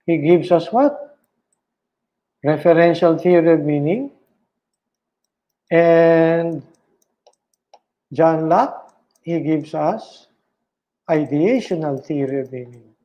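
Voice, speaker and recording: Guy teaching philosophy, high voice, really slow, keeps going "all right?". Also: animated, dull audio. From Philippines. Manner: slow and deliberate, repeating key terms and checking with "all right?". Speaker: philosophy lecturer. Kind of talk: online lecture.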